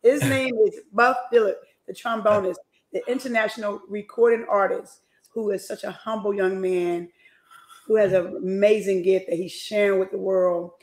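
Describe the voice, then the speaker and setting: A woman's voice: medium pitch, fairly even intonation, normal speed. A woman hosting an interview show, effusive and gushing with praise. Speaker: show host. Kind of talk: casual interview chat. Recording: echoey room.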